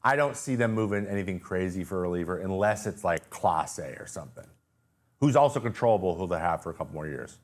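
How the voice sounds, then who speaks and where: A man's voice: low-pitched, animated, fast. A male host answering viewer questions in a loose, jokey, rambling way, sounding tired with his voice wearing out. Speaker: show host. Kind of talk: casual live-stream Q&A.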